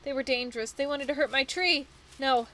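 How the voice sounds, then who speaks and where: Woman playing a dryad in a game, raised higher than her own voice and louder, snappy then sorry, mind all jumbled. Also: steady tone, fairly quick, a little hiss or hum, rough recording. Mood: confused. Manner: swings between hostility and apology. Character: rage-addled female dryad, tree spirit, erratic and snappish. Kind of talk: reading game dialogue aloud.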